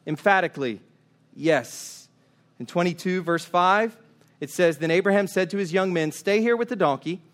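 A man's voice: high voice, a bit bright. A man preaching a sermon, emphatic and urging, asking his listeners question after question. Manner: emphatic, urging, asks repeated rhetorical questions. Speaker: pastor.

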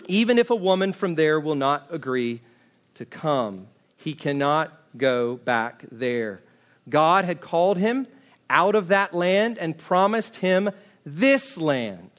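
A man preaching an expository sermon, earnest and emphatic, slowing and dropping low on key words and lifting when he poses questions. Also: fairly bright tone. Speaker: pastor.

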